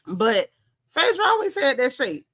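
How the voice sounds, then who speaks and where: A woman's voice: high-pitched, big pitch swings, unhurried, fairly bright tone. A woman doing casual reality TV commentary for her viewers, sassy and emphatic, repeating her punchlines for effect. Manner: talks straight to viewers as y'all.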